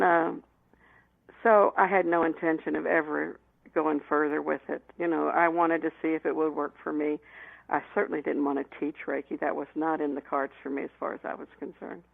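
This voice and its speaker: A woman guest telling lively anecdotes in an interview, laughing often and restarting her sentences. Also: sits low, normal speed, gravelly, dry recording. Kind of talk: storytelling in an interview. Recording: tinny phone line, dry.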